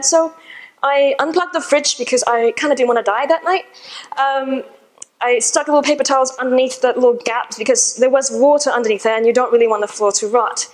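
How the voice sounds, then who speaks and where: A woman's voice: high-pitched, poor audio. A woman giving a talk to a live audience, telling a story in a chatty, informal way. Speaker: conference speaker. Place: in front of a seated audience.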